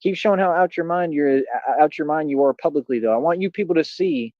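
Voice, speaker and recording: A man's voice: a little high, fast, darkish tone, no room sound. A man hosting his own live stream, taunting his critics in a combative, repetitive way. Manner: combative, taunting, repeats catchphrases. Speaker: livestream host. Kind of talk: casual live-stream rant. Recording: dull, dry home stream audio.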